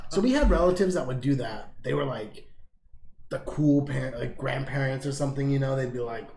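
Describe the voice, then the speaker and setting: Gravelly laid-back man, echoey room. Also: mid-range voice, brisk, a little mellow, slight background noise. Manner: laid-back, swears often, says dude a lot. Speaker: podcast co-host. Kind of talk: casual chat.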